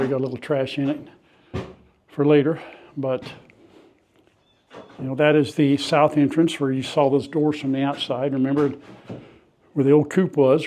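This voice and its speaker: Folksy older man, warm voice. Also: medium pitch. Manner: folksy, chatty, talks to viewers while cleaning out a shed. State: coughing from dust at times. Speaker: farm vlogger. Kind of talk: casual narration while working. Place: old farm outbuilding and yard.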